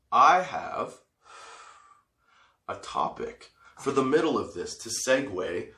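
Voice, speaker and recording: A man from Canada telling comic stories on his podcast, with a bright, forceful voice. He swears freely, laughs often and acts out the other people in his stories. The room gives his voice a noticeable echo. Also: medium pitch. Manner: animated, swearing, laughing often, acting out quotes. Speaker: podcast host. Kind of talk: comedic storytelling.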